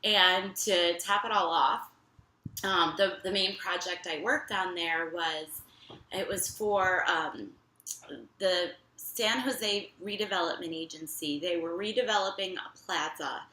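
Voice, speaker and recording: A young woman casually telling a personal story in an animated, chatty way, full of fillers. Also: lowish voice, unhurried, echoey room, rough recording.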